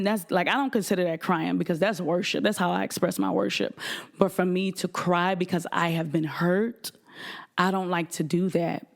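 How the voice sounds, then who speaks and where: A woman in her forties hosts a candid faith-based advice talk. She sits low in her range, with a gravelly fry running through her voice. She speaks frankly and confides in her listeners, calling them "y'all.". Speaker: podcast host.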